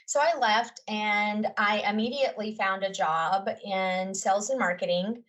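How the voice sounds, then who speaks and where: A woman's voice: mid-range voice, unhurried, fairly bright tone, far from the mic, poor audio. A woman in her forties, a teacher, telling her story in an earnest, heartfelt way with many fillers. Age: 40s. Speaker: teacher and guest. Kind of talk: personal story in a podcast conversation.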